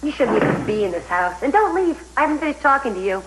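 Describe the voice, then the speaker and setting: A sneering, spiteful schemer. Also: female voice, high voice, big pitch swings, fast, noisy background. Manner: sneering, contemptuous. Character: scheming, spiteful woman taunting a rival. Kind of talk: soap opera acting.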